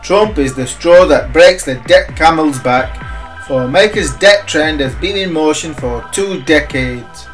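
A man's voice: a little high, animated, unhurried, faint music behind. A man reading scripted market commentary in an emphatic, sardonic way. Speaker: market analyst.

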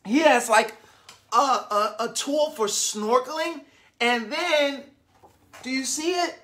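A woman reading a picture book aloud to young children, animated and constantly asking the listeners questions. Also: sits high, slow pace.

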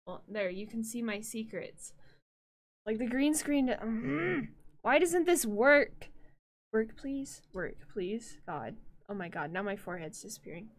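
A woman streamer with a fairly high voice chats on a live stream from her room at home. She is bubbly and easily distracted, and she drifts from topic to topic with sudden excited squeals. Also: normal speed. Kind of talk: casual live-stream chat. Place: home room with green screen.

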